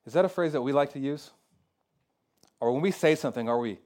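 A man preaching a sermon as pastor, talking casually with lots of "like" and "kinda," moving between loud emphatic peaks and quiet, low passages. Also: quick pace. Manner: conversational preaching with fillers like "kinda" and "like".

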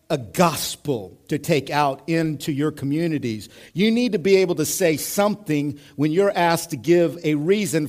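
This male pastor, in his thirties and a little high in pitch, gives a sermon that feels conversational and animated. His volume keeps moving between hushed and loud.

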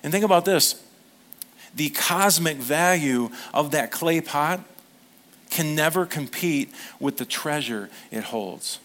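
A man preaching a sermon as pastor, earnest and animated, acting out little quoted voices and turning emotional in places. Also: on the high side, slow pace.

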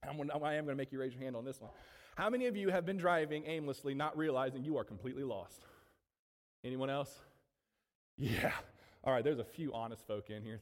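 A man preaching a sermon to his congregation, animated, with frequent asides to the room. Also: fairly high pitch, long reverb tail. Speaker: pastor. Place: church sanctuary.

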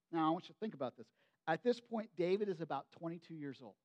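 Male pastor, conversational sermon delivery, animated storyteller. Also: fairly high pitch, fast talker. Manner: animated storytelling with many asides.

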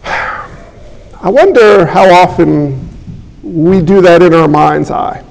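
A man's voice: high voice, slow pace, vocal fry, a little mellow, rough recording. A man preaching a sermon as pastor, emphatic and folksy, asking the congregation rhetorical questions.

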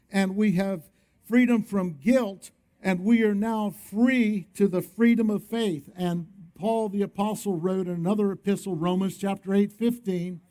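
A man's voice: high voice, a little mellow. A male pastor preaching a sermon, emphatic, often calling on the congregation to respond.

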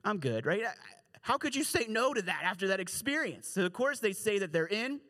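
A man preaching a casual, storytelling sermon, animated and joking, slipping into quick voices for the people in the story. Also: high voice. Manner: slangy, joking asides. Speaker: pastor.

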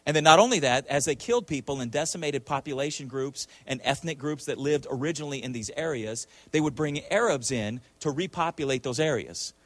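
A man's voice: fairly high pitch, dry recording. A male preacher delivering a sermon emphatically, with frequent rhetorical questions and repeated words.

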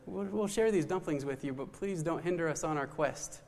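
A tiny but brave teenage boy hero of a spoken folktale, as a storyteller puts him on. He pleads politely and earnestly in a slightly high, gravelly voice, with a long hall reverb behind it. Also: moderate pace, darkish tone.

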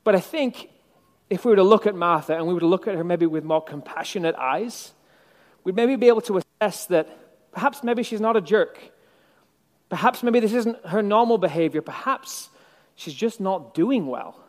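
A man's voice: sits high, moderate pace, long reverb tail. A male preacher giving a sermon in a conversational, reflective way, with wry asides.

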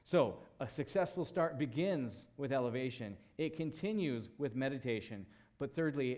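A man's voice: mid-range voice, expressive, moderate pace, hardly any pauses, darkish tone. A man preaching a sermon, building emphasis through repeated phrases and rhetorical questions. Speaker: pastor.

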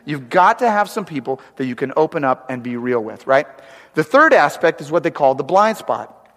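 A man's voice: fairly high pitch, very animated, normal speed, fairly bright tone, big-room sound. A man preaching a sermon in a church, talking conversationally and often checking for agreement. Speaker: pastor.

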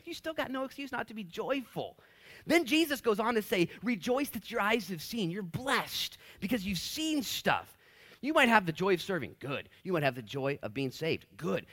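A male pastor preaching a sermon in an excitable, animated way, with joking asides and a soft, hushed tone when he prays. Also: sits high.

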